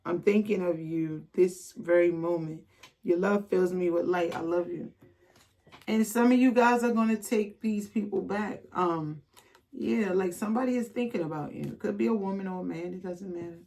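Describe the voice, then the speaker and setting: A woman's voice: lowish voice, moderate pace, warm tone. A woman reading tarot cards to her viewers in a loose, casual way, blunt and chatty, swearing freely and reading card messages aloud. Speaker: tarot reader.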